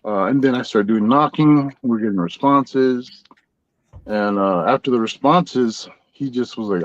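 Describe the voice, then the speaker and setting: A middle-aged man telling a long story in a relaxed, rambling way, as a guest on a podcast. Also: mid-range voice, unhurried, no room sound, highs cut off. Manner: rambling, laid-back storyteller. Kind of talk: casual storytelling.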